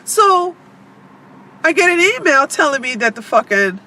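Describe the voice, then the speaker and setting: Addressing her audience directly, a vlogger from the United States swears heavily and speaks with blunt emphasis. She has a high, bright, very animated voice, though her delivery is unhurried.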